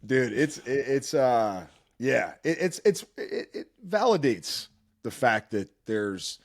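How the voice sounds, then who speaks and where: Speaking slowly with big pitch swings in a medium-pitched voice, this podcast host tells personal stories casually. He comes across as earnest and emotional, frequently starting over mid-thought.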